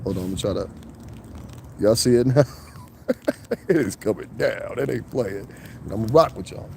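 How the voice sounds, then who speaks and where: Middle-aged New York man, profane, animated live-stream talker; mellow, mid-pitched voice. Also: normal speed, gravelly, slight background noise. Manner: animated, profane, slips into mocking impressions. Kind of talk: casual live-stream rant. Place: outdoors in falling snow.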